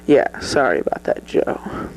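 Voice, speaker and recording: A performer playing a prim male talk-show interviewer who scolds his guest and asks questions slowly. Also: soft background music, lightly acted, rough recording. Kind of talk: improvised comedy sketch interview.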